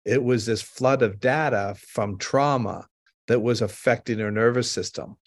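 A man hosts a podcast, talking earnestly and explaining his points through personal stories. His voice is mid-pitched. The sound is dry and close to the mic. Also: no room sound. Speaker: podcast host. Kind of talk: conversational storytelling.

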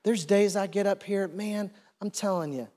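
A man preaching a sermon into a stage microphone, fervent and building to loud declarations. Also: high-pitched, moderate pace. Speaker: pastor. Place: large church hall. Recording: long hall reverb, faint music.

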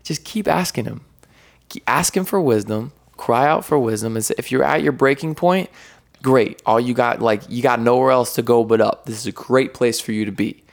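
A man speaking as a podcast guest, talking in an energetic, rambling, casual way full of slang. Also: medium pitch, normal speed, vocal fry. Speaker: podcast guest, content creator and worship artist.

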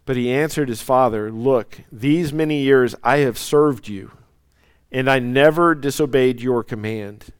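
Slow, dry-voiced male preacher. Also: mid-range voice, smooth, no room sound. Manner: dynamic preaching, soaring then dropping to near whispers. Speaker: pastor. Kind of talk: sermon.

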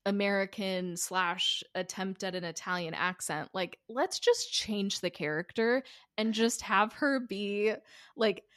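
A woman's voice: mid-range voice, a little slow, fairly bright tone, dry recording, clean studio sound. A woman co-hosting a podcast, chatting casually about a film, hedging her opinions and laughing at herself. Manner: hedging, self-deprecating, laughs often. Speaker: podcast co-host. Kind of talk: casual film review chat.

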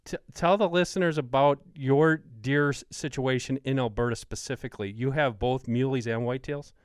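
A man's voice: medium pitch, moderate pace, clear, resonant tone, no room sound, clean studio sound. A man from Wisconsin hosting a hunting podcast, asking questions eagerly and working through numbers. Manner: enthusiastic, asks questions, quotes numbers. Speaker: podcast host. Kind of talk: casual podcast interview.

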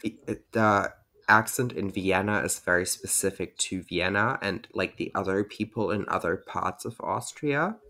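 Very deep-voiced man. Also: unhurried, sharp tone. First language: German. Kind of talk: casual chat.

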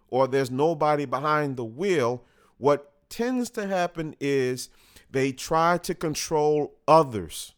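A man hosting a talk, speaking in a slow, deliberate unscripted monologue and pausing to correct himself along the way. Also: mid-range voice, clean tone. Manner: slow and deliberate, with restarts and small self-corrections. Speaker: host.

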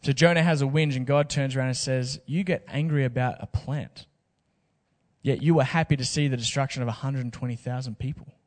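A man's voice: medium pitch, fairly even intonation, fairly quick, big-room sound. Casual preacher man. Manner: casual, jokey preaching with slang asides. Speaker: pastor. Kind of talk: sermon.

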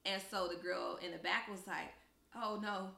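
A woman's voice: on the low side, normal speed, creaky, reverberant. A young woman co-hosting a podcast, telling a story in casual chat and acting out the voices of the people in it. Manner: animated storyteller, acts out quoted voices. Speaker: podcast co-host.

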